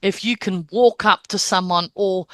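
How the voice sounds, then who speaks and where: A woman's voice: mid-range voice, steady tone, a little slow, fairly bright tone, no echo. A woman medium explaining how spirit communicators are recognised, checking in with her listeners and acting out gestures as she teaches. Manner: checks in often with "Okay?"; acts out the spirits' words and gestures.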